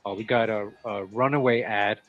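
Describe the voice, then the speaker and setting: A man's voice: fairly low pitch, steady tone, normal speed, a bit bright. A man reading old runaway-servant ads aloud and commenting on them between lines as a show co-host. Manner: reads old runaway ads, breaks off with asides. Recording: dull, lo-fi sound.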